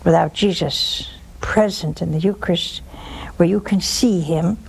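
Slow, emphatic nun preaching to viewers. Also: female voice, lowish voice, creaky, darkish tone, a little hiss or hum, low-quality recording. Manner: emphatic, repeats phrases, folksy asides. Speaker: religious TV show host, a nun. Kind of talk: preaching on a call-in show.

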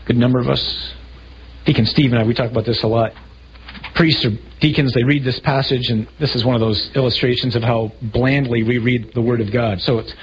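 A priest giving a sermon to a group of men, animated, asking rhetorical questions and acting out the scene he describes. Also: mid-range voice, fairly quick, a little hiss or hum, rough recording. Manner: acts out scenes vividly.

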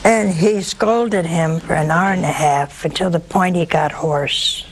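A woman preaching a sermon, telling a story in a lively, humorous way despite a sore throat. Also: fairly low pitch, a little slow, slight background noise, rough recording.

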